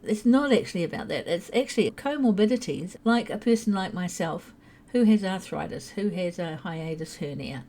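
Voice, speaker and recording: Older woman vlogger, mellow tone, casual explanatory chat with small self-corrections. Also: lowish voice, lively intonation, normal speed. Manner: chatty and explanatory, with small restarts. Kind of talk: casual spoken monologue.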